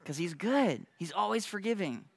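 Casual, animated pastor, dry close sound. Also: male voice, high voice, gravelly, breathy edge, no room sound. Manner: animated, acts out quick voices in his story; laughs now and then, loose slangy phrasing. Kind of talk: casual conversational sermon.

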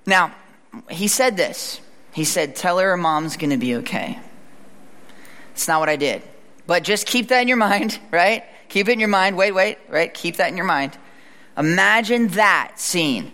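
A man preaching a sermon in a conversational, animated way, acting out the lines he quotes. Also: on the high side, normal speed. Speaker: pastor. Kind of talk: sermon with storytelling. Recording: reverberant hall.

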